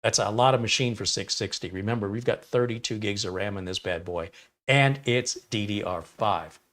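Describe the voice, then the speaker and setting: A man's voice: lowish voice, normal speed, a bit bright. A man hosting a casual tech livestream, rambling and opinionated as he reads chat comments aloud and reacts to them. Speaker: livestream host reviewing mini PCs.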